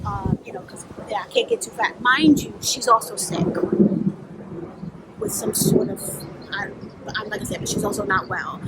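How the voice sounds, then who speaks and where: A young adult woman from New York, a spiritual life coach, tells a candid personal story in a blunt, profane, animated way, acting out the voices she quotes. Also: medium pitch, moderate pace, long pauses, heavy background noise.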